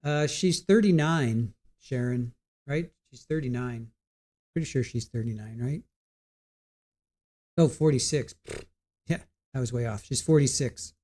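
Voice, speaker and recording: A man hosting a live stream chats loosely with his viewers. He talks straight to the chat, trails off, and starts his sentences over. His voice is mellow and rather dark, at an ordinary male pitch. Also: unhurried, pauses often. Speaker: livestream host. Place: home setup at a computer.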